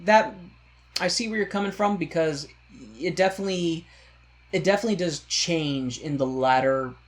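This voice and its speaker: Animated male podcast co-host. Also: a little high, moderate pace. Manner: animated retelling, acts out quoted lines. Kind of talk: casual chat.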